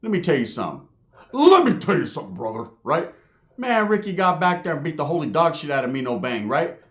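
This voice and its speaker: A man's voice: a little high, sing-song, fairly quick, fairly bright tone, roomy sound. A man from Southern California telling a long, profane, rambling story on stage, often tagging his lines with "right?". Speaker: stand-up comedian. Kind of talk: stand-up storytelling.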